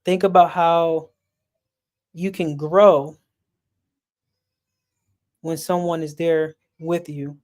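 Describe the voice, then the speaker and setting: Earnest man with a level, even delivery. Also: on the high side, very slow, pauses often. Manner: earnest, repeats words while searching for them. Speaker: speaker on a sports and mental health stream. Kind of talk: earnest personal talk.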